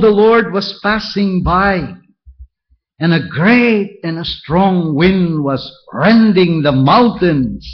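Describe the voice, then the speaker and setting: A man preaching a verse-by-verse sermon, reading scripture aloud and pointing out each step with deliberate care. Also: a little high, lo-fi sound. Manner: slow, deliberate, walks through verses point by point. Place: church.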